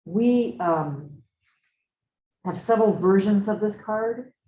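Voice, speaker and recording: A woman's voice: mid-range voice, expressive, takes it slowly, mellow. A middle-aged woman leading a seminar, talking reflectively and engaging her students with questions. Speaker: seminar leader. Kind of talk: conversational seminar talk. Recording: roomy, slightly dull room recording.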